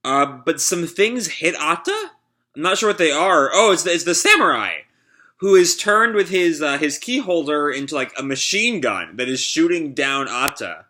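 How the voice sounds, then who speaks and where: A man's voice: on the high side, animated, normal speed, bright, forceful tone. A young man narrating and reacting to a comic chapter live, casual and full of fillers like uh and like. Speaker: YouTuber. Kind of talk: live reading and reaction to a manga.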